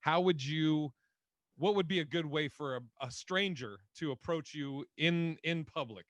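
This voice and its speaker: A man's voice: on the high side, a little slow, no room sound. Chill guy cohosting a podcast, cusses a lot, laughs, dry close mic. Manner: rambling, laughing, swears freely. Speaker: podcast co-host. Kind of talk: casual chat.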